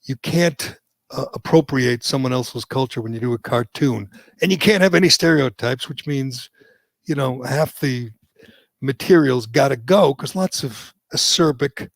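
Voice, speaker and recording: A male talk radio host speaks with a gravelly, creaky edge, close and dry with no room sound. He talks sarcastically and opinionatedly, stumbling over fillers as he goes. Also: medium pitch, a little slow, no echo. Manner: sarcastic, hesitant with many fillers.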